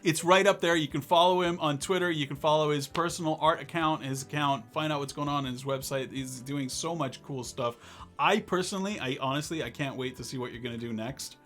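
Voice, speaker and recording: A man hosting a live-stream talk show, chatting casually in a rambling, excitable, jokey way. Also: fairly high pitch, fairly quick, soft background music.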